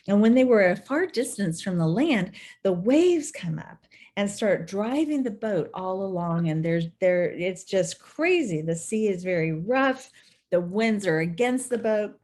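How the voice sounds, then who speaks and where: A woman teaching a devotional Bible study who tells the scripture stories with animated, storytelling energy. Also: mid-range voice.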